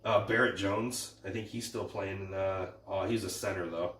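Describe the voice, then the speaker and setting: A man's voice: low voice, steady tone, normal speed, a bit bright, slight background noise. Rambling man in an echoey room. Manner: rambling, retells stories with filler words. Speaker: podcast co-host. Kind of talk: casual sports chat. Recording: roomy echo, a bit far from the mic.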